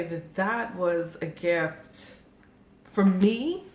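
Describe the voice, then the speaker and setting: A woman in her forties telling a family story in a casual chat, animated and often laughing as she acts out what her family said. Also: fairly low pitch, unhurried. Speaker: podcast co-host. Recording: echoey room with faint background noise.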